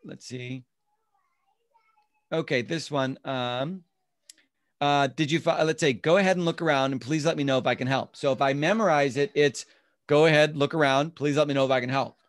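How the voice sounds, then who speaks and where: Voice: medium pitch, moderate pace. Instructor teaching a class over a video call. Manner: explains step by step, acts out sample lines. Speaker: real estate class instructor.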